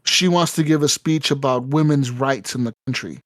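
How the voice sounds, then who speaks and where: A man's voice: mid-range voice, moderate pace, fairly bright tone, no room sound, clean studio sound. A man co-hosting a casual gaming podcast, telling a rambling, profane story with lots of fillers and acted-out quotes. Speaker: podcast co-host.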